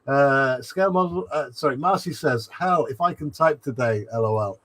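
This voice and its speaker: A man's voice: medium pitch, normal speed, a bit bright. A man hosting a livestream, reading chat messages aloud with frequent laughs and fillers. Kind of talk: casual chat.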